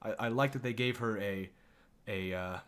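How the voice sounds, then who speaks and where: A man's voice: lowish voice, normal speed, clear, resonant tone. An American man streaming a game, chatting casually and laughing as he comments. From United States. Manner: laughs often, reads game dialogue aloud, loose and joking.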